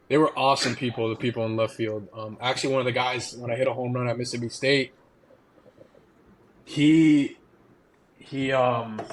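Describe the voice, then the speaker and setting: A young man, a former college ballplayer, telling stories as a podcast guest in a casual, animated way, laughing often and acting out quotes. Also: mid-range voice, noisy background. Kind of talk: casual storytelling.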